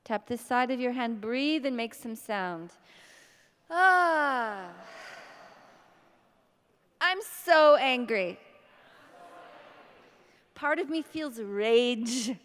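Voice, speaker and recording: A woman leads a tapping exercise with a somewhat high voice, pacing each phrase very slowly. She breathes and sighs between lines. Her words ring with long reverb in a large hall. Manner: slow, breathy guidance with many sighs and scripted affirmations. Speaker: EFT tapping practitioner. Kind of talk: guided tapping session.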